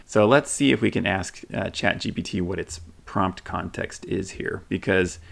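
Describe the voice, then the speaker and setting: Man, deep voice, heavy vocal fry, casual screen demo, thinking aloud, lots of ums. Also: moderate pace. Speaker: tech video host.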